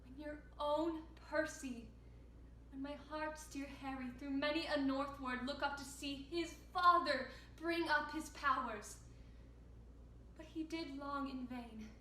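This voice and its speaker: A woman's voice: high voice, steady tone, bright, forceful tone, slight background noise. A young woman as a grieving noble widow. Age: late teens. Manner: formal verse, measured and solemn. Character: grieving noble widow pleading with her father-in-law. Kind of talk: Shakespeare monologue. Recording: echoey room, distant mic.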